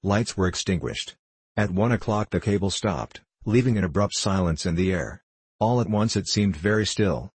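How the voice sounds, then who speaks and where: A man narrating a classic novel aloud in a steady, measured reading voice. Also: deep voice, breathy edge, no room sound. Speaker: audiobook reader.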